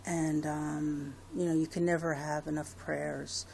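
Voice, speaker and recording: A woman talks to her viewers in a low, gravelly voice that stays fairly flat and even. She rambles through her update with many fillers and restarts. A faint hiss of noise sits under the recording. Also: measured pace. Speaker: vlogger. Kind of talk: casual personal update to viewers.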